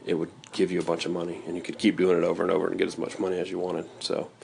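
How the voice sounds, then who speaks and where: Southern guy host, very low voice, chatty and meandering, light hiss behind. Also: monotone, rapid-fire, creaky, a little mellow. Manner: rambling, self-interrupting, joking asides. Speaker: radio show host. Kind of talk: casual solo radio talk.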